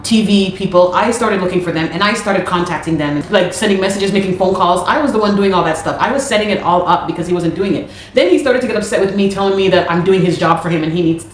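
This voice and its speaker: Exasperated low-voiced woman in an echoey room. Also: fast, hardly any pauses, a little hiss or hum. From Canada. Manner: animated, exasperated retelling with many restarts. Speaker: musician. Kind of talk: personal account of a dispute.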